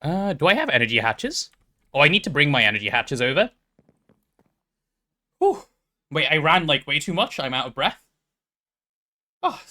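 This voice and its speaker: Lively, bright-voiced male game streamer. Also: fairly high pitch, moderate pace, long pauses. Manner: chatty, thinks aloud while playing and answers chat. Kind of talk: casual gaming stream chat.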